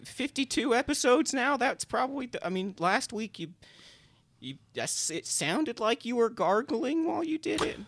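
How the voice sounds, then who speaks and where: Woman doing a bumbling male demon producer, stammering, excitable, high-ish voice, bouncy delivery, dry studio sound. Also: moderate pace, dry recording. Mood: earnest. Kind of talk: comedy podcast acting.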